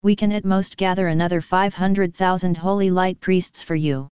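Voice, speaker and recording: A woman voicing a calm, decisive young saintess. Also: fairly low pitch, normal speed, clean tone, no room sound, natural voice.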